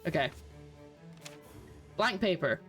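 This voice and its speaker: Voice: medium pitch, expressive, takes it slowly, a bit bright, faint music behind. A streamer with a Scottish accent, chatting casually and thinking aloud while solving a puzzle in a game. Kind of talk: casual let's-play commentary.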